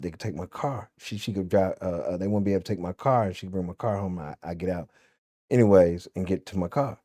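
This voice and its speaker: Profane Southern man with a dark voice. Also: sits low, no room sound, clean studio sound. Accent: Southern US (Memphis). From Memphis, USA. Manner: profane, blunt, animated storytelling. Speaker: vlogger. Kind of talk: casual storytelling rant.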